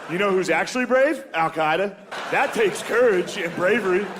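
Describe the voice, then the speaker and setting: A man's voice: high voice, expressive, normal speed, background noise. A man doing a stand-up comedy set, laid-back and crude, often slipping into exaggerated character voices. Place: comedy club stage before a laughing audience.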